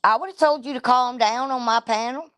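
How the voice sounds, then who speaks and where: Woman going off on her stream, cussing a lot, kinda high voice, dry close sound. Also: moderate pace, fairly bright tone, smooth, no room sound. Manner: profane, confrontational, blunt. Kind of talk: ranting livestream commentary.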